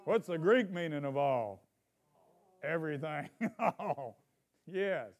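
A pastor with a slightly high, animated male voice preaches a sermon in church. He calls out questions to the congregation in call-and-response fashion and draws out lines of scripture for emphasis.

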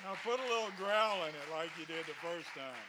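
A man, a pastor preaching fervently to his congregation, speaking in tongues, shouting calls and dropping folksy asides. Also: on the high side, lively intonation, brisk, a faint crowd. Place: church sanctuary with congregation. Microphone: handheld microphone.

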